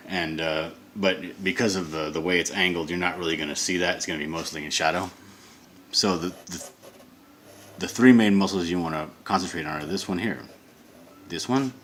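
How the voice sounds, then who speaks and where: A man's voice: deep voice, fairly bright tone, a little hiss or hum. A man teaching comic drawing in a casual tutorial, rambling and correcting himself as he sketches. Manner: rambling, self-correcting, thinks aloud while sketching. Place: home studio.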